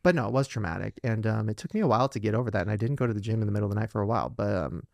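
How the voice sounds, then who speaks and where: A man's voice: on the low side, lively intonation, rapid-fire, vocal fry, very noisy. A young man hosting a podcast, telling a story in casual chat and laughing often. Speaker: podcast host.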